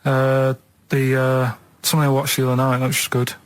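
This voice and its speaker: A man, chatting on a radio show in a deadpan, rambling, hesitant way. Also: mid-range voice, brisk, no echo. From Manchester, England. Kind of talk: casual radio chat.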